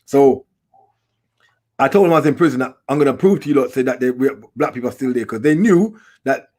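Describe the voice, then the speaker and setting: Guy, middle-aged, rattles off stories fast in street slang, voice not high not low. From England. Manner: street slang, animated storyteller. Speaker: documentary filmmaker, guest. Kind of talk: casual storytelling interview.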